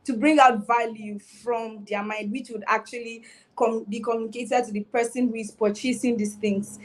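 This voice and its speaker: A woman's voice: a little high, fairly even intonation, moderate pace. A woman guest speaker on a live session, explaining her points and checking in with the listener. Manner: explanatory, keeps asking "right?".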